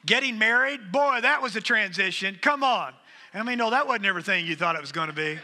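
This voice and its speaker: A middle-aged pastor's slightly high voice comes across bright and forceful as he preaches in a church sanctuary. He keeps a conversational tone, drawing in the congregation with "come on," and long hall reverb colors the recording.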